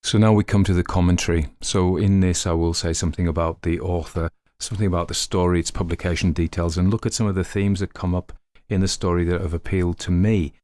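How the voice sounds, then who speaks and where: A man hosting a story podcast, narrating and then chatting in an easygoing, rambling way full of asides and self-corrections. His voice is low and deep. The sound is dry and close to the mic. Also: level tone, fast talker, warm tone, no echo. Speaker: audiobook reader and podcast host. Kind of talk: story narration and casual commentary.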